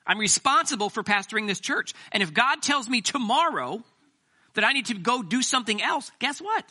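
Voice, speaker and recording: A pastor preaches a sermon in a very high-pitched, bright and forceful voice with lively intonation at normal speed. His delivery is conversational, sprinkled with self-deprecating jokes.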